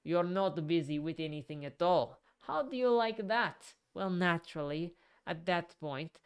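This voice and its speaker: A woman voicing a hysterical young female secretary, shrill, tearful and frantic, in a storybook reading. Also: lively intonation, unhurried, smooth. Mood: agitated.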